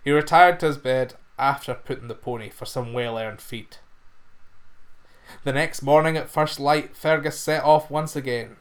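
A man narrating a folk fairy tale in an expressive storytelling manner. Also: mid-range voice, moderate pace.

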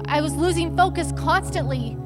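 A woman's voice: sits high, moderate pace, in a large hall, over music. A young woman giving a casual, conversational sermon in a church, telling stories with chatty slang asides. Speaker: church speaker. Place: church sanctuary.

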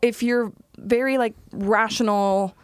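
A woman from Colombia with a Colombian Spanish accent, co-hosting a podcast in animated casual chat and laughing often. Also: on the high side, slow pace, smooth, no echo, clean studio sound. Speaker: podcast co-host.

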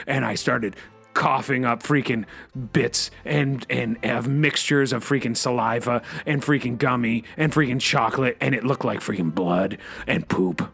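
A man hosts a comedy radio show, rambling through an in-character monologue stuffed with a repeated catchphrase that turns up in every sentence. His gravelly, breathy-edged voice swings between loud outbursts and low asides.

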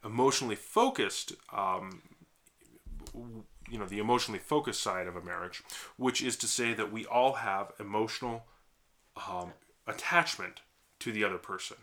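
A man with a lowish voice and a bright, forceful edge talks through marriage and therapy ideas on a podcast. He explains at length, circling back with fillers and restarts as he thinks aloud. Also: normal speed. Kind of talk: casual conversational podcast.

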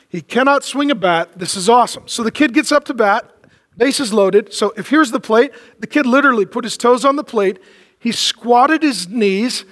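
Male pastor, very high voice, joking storyteller, long hall reverb. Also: fairly bright tone. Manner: humorous storytelling, drops to low emphatic lines. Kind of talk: sermon.

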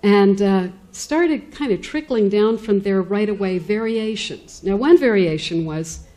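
A woman teaches an evening class in a conversational, loosely structured way, full of "um"s and restarts. Her voice is mellow and relaxed at a middle pitch. The room sound is unsteady, and at times she seems to drift away from the microphone. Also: measured pace. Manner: conversational, many fillers and restarts, acts out quoted speakers. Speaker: lecturer. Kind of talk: informal lecture.

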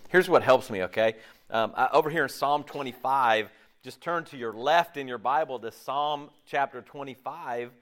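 A middle-aged man preaching a casual, conversational sermon, chatty and animated, with slangy asides and frequent restarts. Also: medium pitch, normal speed. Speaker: pastor.

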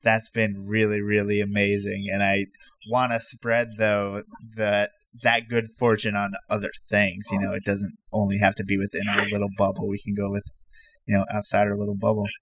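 A man's voice: lowish voice, completely flat delivery, normal speed, fairly bright tone. A man co-hosting a casual podcast, earnest and a bit rambling.

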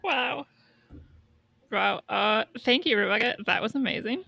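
A woman co-hosts a podcast in relaxed chat, laughing easily and sounding amused. Her voice has plenty of fry and a mid pitch. The sound is close and dry. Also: a little slow, dry recording. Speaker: podcast co-host. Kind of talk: casual chat.

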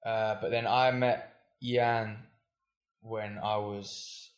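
A man's voice: on the low side, little pitch movement, very slow. A man from north London, a podcast guest, telling stories in a rambling, hesitant way with many fillers. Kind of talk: casual interview chat. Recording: roomy echo.

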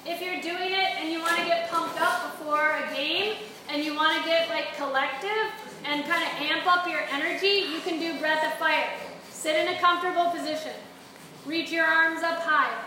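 A woman's voice: high-pitched, steady tone, normal speed, pushed and bright, slight background noise. A woman instructor guiding a group of young players through breathing exercises and yoga poses, encouraging and asking the group questions. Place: large echoey room with a group of young hockey players. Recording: echoey room, distant mic.

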